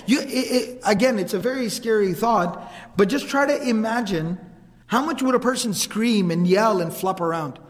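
A man telling a seerah story as a sermon, animated and acting out the voices of the people he describes. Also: high voice, moderate pace, long reverb tail. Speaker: preacher narrating seerah.

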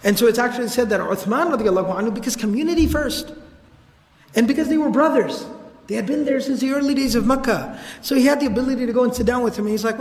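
A man giving a casual, animated religious storytelling lecture with slangy asides. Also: extremely high pitch, fast. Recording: echoey hall reverb.

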